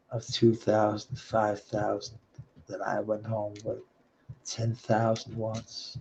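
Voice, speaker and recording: Slow, gravelly man rambling profanely. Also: medium pitch, dark tone. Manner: profane, rambling, laughs between thoughts. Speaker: vlogger. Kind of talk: rambling personal monologue. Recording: dull lo-fi recording.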